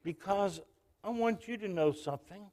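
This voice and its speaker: A man's voice: high voice, moderate pace, a little mellow. A male pastor preaching a sermon, telling a story and calling out to the congregation.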